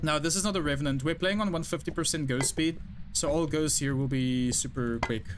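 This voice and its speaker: A man's voice: a little high, background noise. A young man streaming a horror game, chatting casually with his viewers and explaining as he plays. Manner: chatty, talks to chat, quick asides and laughs. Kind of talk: casual live-stream chat while gaming.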